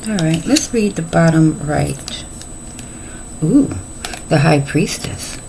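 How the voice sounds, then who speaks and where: Casting: middle-aged woman tarot reader with a low, gravelly voice and a folksy, joking delivery. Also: lively intonation, slow pace, dark tone, a little hiss or hum, poor audio. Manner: chatty, folksy, playful asides. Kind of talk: casual tarot reading.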